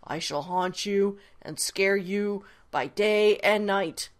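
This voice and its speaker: A woman reading a storybook and voicing the ghost of a gentle female cow who pretends to be fierce, with booming, drawn-out threats. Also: close to an everyday voice. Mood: menacing.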